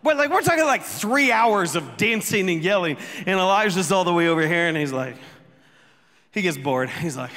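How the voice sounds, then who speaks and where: Animated pastor preaching in a reverberant church. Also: male voice, high voice, normal speed. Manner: animated storytelling, jokes and sudden shouts. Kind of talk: sermon. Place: church sanctuary.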